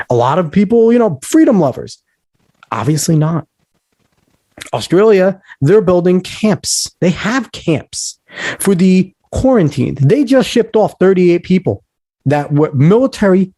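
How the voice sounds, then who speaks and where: A man's voice: high voice, warm tone, no room sound. A man hosting a podcast, ranting with heated emphasis and lecturing on history. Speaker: podcast host. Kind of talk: casual podcast talk.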